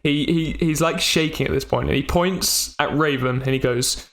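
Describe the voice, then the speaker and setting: Male game master, rambling narrator, slightly high voice, echoey room. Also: vocal fry, a bit bright. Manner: halting, laughs often, uses fillers.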